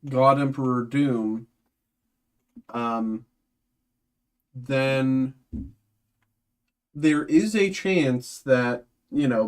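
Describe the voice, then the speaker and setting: A man's voice: medium pitch, darkish tone. A man hosting a livestream, thinking aloud in casual chat, hesitant and full of ums and restarts. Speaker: card break host.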